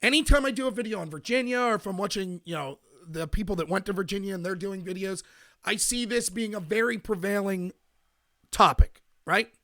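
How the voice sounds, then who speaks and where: Man, American, high voice, bright tone, ranting commentary, responds to chat. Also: a little fast. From United States. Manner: ranting, emphatic, talks to chat. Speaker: podcast host. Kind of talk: political commentary monologue.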